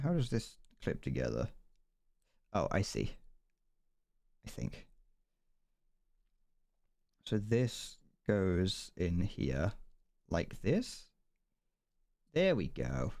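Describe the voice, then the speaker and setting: A man's voice: on the low side, huge pitch swings, slow pace, gravelly, pauses often, a little mellow. A British man chatting on a casual livestream while he builds a model kit, rambling with frequent stammered restarts and laughter. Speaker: streamer.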